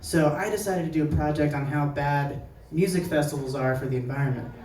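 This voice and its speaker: A man's voice: a little high, fairly quick, far from the mic, very noisy. A young man from New Jersey performing a stand-up set at a live show, telling stories in a chatty, conversational way and acting out the people he quotes. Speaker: stand-up comedian. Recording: echoey venue heard from afar.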